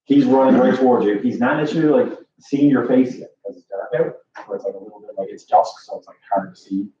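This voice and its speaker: A man's voice: medium pitch, quick pace, mellow. A man running a tabletop game as dungeon master, narrating casually with lots of fillers. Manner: rambling, many fillers and "like". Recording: distant echoey lo-fi room mic with faint hiss.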